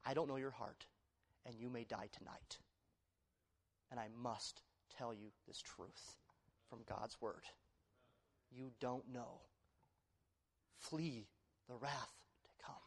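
A male pastor preaching a sermon, moving between loud, emphatic declarations and quiet, hushed appeals to the congregation. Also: mid-range voice. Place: church sanctuary. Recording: long reverb of a large hall.

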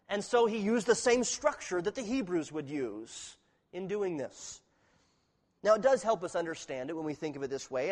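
A man preaching an expository sermon, teaching earnestly and reading scripture aloud with emphasis. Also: high voice. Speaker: pastor. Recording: reverberant hall.

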